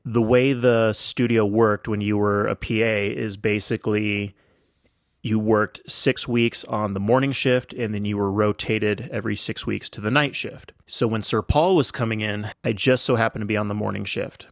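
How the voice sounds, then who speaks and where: A man's voice: lowish voice, fairly even intonation, moderate pace, no echo, clean studio sound. An older American man hosting a podcast, telling a story in an enthusiastic, chatty way with many fillers. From United States. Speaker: podcast host. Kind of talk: casual storytelling.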